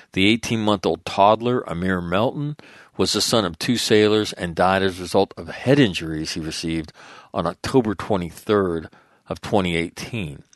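A man's voice: deep voice, a bit bright, dry recording, clean studio sound. A man hosting a radio talk show, reading out news items and adding blunt, profane, rambling commentary full of restarts. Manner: rambling asides with restarts and repeated phrases. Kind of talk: news rundown with off-the-cuff commentary.

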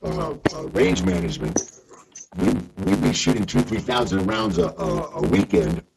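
A man's voice: deep voice, normal speed, creaky, a little mellow, a little hiss or hum, low-quality recording. A man chatting casually on a podcast, easygoing and a bit hesitant. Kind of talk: casual chat.

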